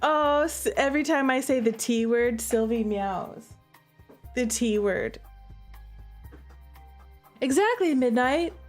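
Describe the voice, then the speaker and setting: A woman's voice: fairly high pitch, fairly even intonation, unhurried, faint music behind. A woman streamer in casual chat at home, playful and giggly as she chats with her pets and coaxes them. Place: room at home.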